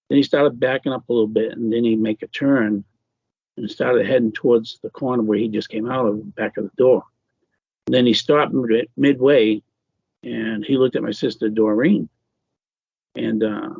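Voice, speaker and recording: A man being interviewed as an author, telling a personal ghost story in a halting way with many fillers and restarts. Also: mid-range voice, vocal fry, a little mellow, slightly rough, no echo, muffled recording.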